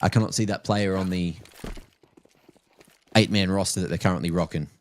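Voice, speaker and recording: Male esports caster with a slightly low voice; quick, chatty, jokey play-by-play on a headset. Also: fairly even intonation, slight background noise. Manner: chatty and joking, teases players and viewers. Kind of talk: live play-by-play game commentary.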